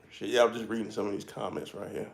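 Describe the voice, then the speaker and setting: A man's voice: fairly low pitch, fairly even intonation, fast, gravelly. Laid-back South Carolina man in an echoey garage. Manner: laid-back, chuckling, folksy slang. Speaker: YouTuber hosting a garage livestream. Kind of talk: casual live-stream chat. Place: home garage.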